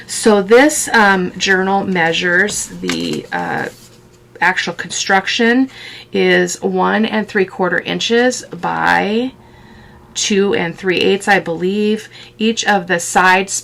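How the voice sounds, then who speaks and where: A woman's voice: medium pitch, vocal fry, a bit bright. A woman hosting a casual crafting video, chatting fondly about tiny details as she shows her work at a desk. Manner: chatty, fond of tiny details, thinks aloud.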